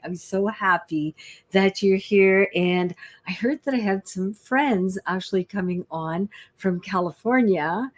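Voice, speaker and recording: Effusive chatty woman greeting viewers. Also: mid-range voice. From Canada. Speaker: psychic medium hosting a livestream. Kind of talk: casual livestream chat greeting viewers.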